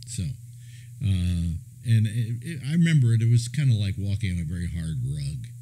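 Older male radio host from California, mellow tone, meandering anecdotes with chuckles. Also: deep voice, lively intonation, moderate pace, a little hiss or hum, poor audio. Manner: chuckling, meandering storyteller with many restarts. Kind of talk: rambling anecdotal chat.

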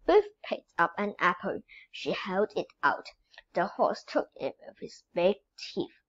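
A woman reading a children's storybook aloud in a slow, expressive way. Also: medium pitch, lo-fi sound. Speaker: storybook reader.

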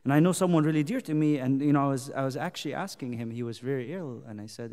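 A man's voice: medium pitch, quick pace, hardly any pauses. A man leading a youth Bible study, talking casually and then voicing scripture with force. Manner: conversational, animated, voices God's words emphatically. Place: church hall. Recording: long hall reverb.

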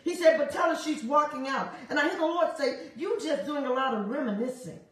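A woman delivering a prophetic word on a prayer broadcast, animated and laughing often, repeating phrases in a rhythmic preaching cadence. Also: high-pitched, fairly quick, very echoey, recorded from a distance. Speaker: prophetic minister.

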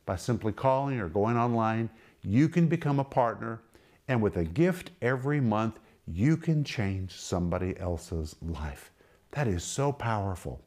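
Middle-aged guy teaching scripture, mid pitch, punchy and emphatic, keeps repeating his questions. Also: a little mellow. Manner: emphatic, repeats questions for effect, explains Greek words. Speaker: Bible teacher and ministry host. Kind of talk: televised Bible teaching.

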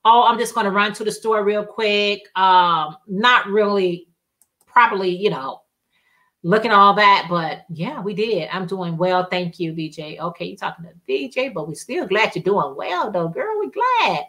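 Bright-voiced chatty woman livestream host. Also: mid-range voice, moderate pace. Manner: chatty storytelling, reads viewer comments aloud, colloquial. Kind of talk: casual livestream chat.

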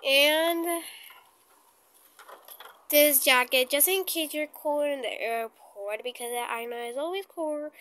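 A woman doing a bossy big-sister doll who fusses and gives orders. Her voice is high and clear, and a soft hiss sits faintly behind her. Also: low-quality recording. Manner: bossy and fussy. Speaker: doll play voice. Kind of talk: doll play role-play.

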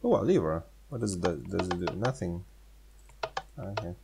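A deep, husky voice, animated yet unhurried, belongs to a gaming channel host. Playing a game, he offers casual, sarcastic, playful commentary in English, which is his second language and sounds slightly non-native.

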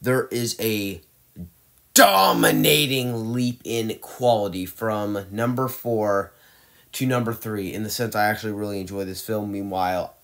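A man with a somewhat low voice talks through his movie rankings off the cuff. He rants with exasperation, trips over his words and restarts his sentences as he goes. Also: measured pace, a bit bright. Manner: ranting and exasperated, with frequent restarts and fillers. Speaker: movie reviewer. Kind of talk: opinionated movie ranking monologue.

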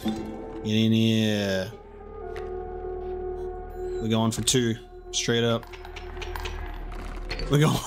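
A man giving casual, chatty let's-play commentary, thinking out loud and poking fun at himself. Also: on the low side, level tone, drawn-out words, long pauses. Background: game music.

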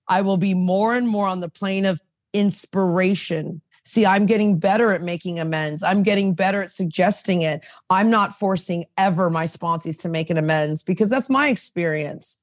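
A woman with a lowish voice, recorded cleanly in a studio with no echo, hosts a casual recovery podcast as a recovery sponsor. Fired up and prone to digressions, she reads passages aloud and preaches.

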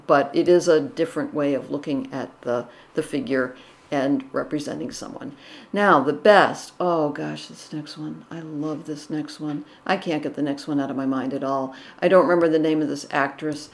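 A woman's voice: deep voice, steady tone, normal speed. A middle-aged woman giving casual, enthusiastic commentary on paintings, with frequent restarts and gushing praise. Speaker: art commentary vlogger.

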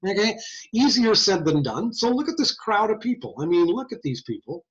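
A man lectures in a loose, joking way, his voice sitting high and swinging widely in pitch. The recording sounds somewhat dull and lo-fi, like a screen-share session. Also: a little fast. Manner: lively, conversational, jokey. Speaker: hearing science lecturer. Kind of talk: informal lecture.

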